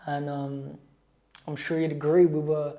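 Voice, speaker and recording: A young man, chatting casually as an interview guest in a relaxed, slangy way while decorating biscuits indoors. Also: on the high side, measured pace. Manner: relaxed, slangy, often says "you know what I mean". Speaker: guest, actor and musician.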